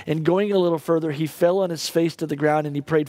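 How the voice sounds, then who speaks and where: Guy pastor preaching, kinda high voice, stumbles and restarts a lot, emotional. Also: fairly even intonation, a little mellow, no echo. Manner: halting and emotional, many restarts. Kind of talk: sermon with a personal story.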